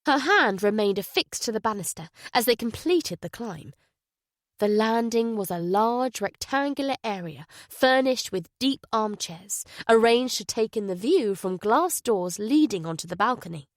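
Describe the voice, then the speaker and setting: A woman's voice: a little high, expressive, normal speed, no room sound, clean studio sound. Woman narrating a thriller audiobook. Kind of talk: scripted narration.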